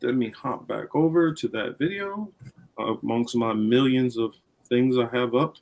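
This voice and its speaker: Male livestream host, rambling offhand delivery, blunt, mid-pitched voice. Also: normal speed, vocal fry, a little mellow, low-quality recording. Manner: rambling, blunt, swears casually. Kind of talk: casual livestream talk.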